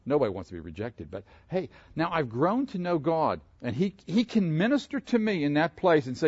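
A man preaching an interactive sermon, asking his congregation questions in an animated way. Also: a little high, fairly quick, few pauses, breathy edge, no echo, dull audio. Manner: animated, asks the room questions. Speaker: pastor.

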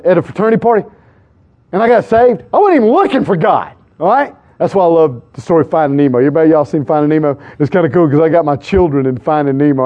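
Male pastor, sermon storyteller, slightly high voice, animated delivery with loud and hushed turns, dull dry recording. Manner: animated, shifts between loud exclamations and hushed asides.

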